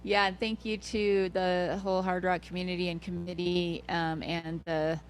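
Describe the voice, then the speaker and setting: A woman's voice: fairly low pitch, level tone, normal speed, soft background music. Chatty woman commentating a race livestream. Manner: chatty, playful, self-correcting.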